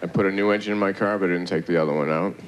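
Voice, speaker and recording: Very low deadpan male comedian. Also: racing. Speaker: stand-up comedian. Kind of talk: stand-up one-liners. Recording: loud hiss on old tape.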